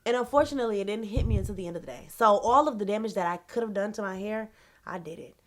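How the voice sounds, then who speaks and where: A young adult woman, telling a casual, animated, slangy storytime on her vlog. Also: medium pitch, very fast. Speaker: vlogger.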